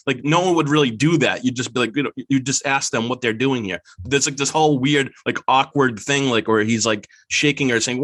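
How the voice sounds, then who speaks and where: As a podcast guest, a man rambles casually about a movie, filling nearly every phrase with "like" and laughing easily. His medium-pitched voice is brisk and a bit bright with few pauses, in a dry, clean studio recording.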